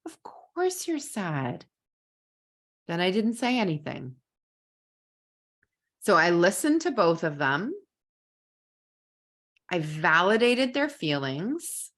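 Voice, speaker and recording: A woman's voice: on the low side, sing-song, slow pace, long pauses, a bit bright. A woman who teaches kindergarten, earnestly telling a story in a live parenting masterclass and repeating words as she thinks.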